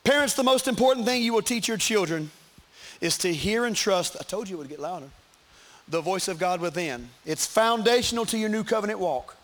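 High-voiced preacher. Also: male voice, lively intonation, fairly quick, fairly bright tone. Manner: emphatic, repetitive preaching with asides to the congregation. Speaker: pastor. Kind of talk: sermon. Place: church.

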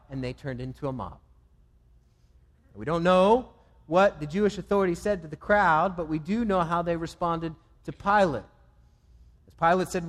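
Man preaching in a reverberant hall. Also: fairly high pitch. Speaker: pastor. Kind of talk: sermon.

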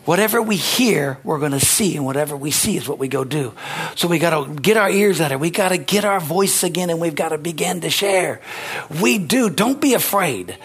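A man's voice: a little high, lively intonation, fairly quick, slightly rough. A man preaching a sermon, exhorting his listeners with rising energy, rambling at times with restarts.

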